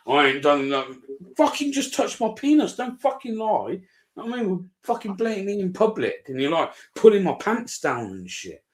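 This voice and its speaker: A British man telling a story in casual live chat, animated and swearing a lot as he recounts it. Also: high-pitched, fairly quick. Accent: British English. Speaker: auditor streamer. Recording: roomy echo.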